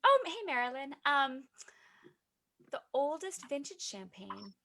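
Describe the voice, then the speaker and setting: Chatty author lady on a video call, bright voice, trips over her words and laughs at herself. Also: high voice, big pitch swings, measured pace, creaky. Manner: chatty, self-deprecating, many fillers and restarts. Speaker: author guest. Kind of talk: casual video chat.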